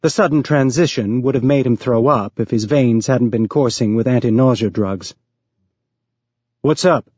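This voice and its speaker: A man reading an audiobook aloud as narrator, raising his pitch to voice characters. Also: normal speed, few pauses, a little mellow, dry recording, highs cut off.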